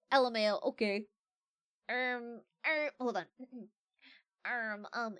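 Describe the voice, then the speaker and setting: A woman's voice: on the high side, takes it slowly, pauses often, a bit bright, clear, resonant tone, no echo, studio quality. A young adult woman streamer in casual livestream chat, playfully reading quiz questions aloud and joking about them.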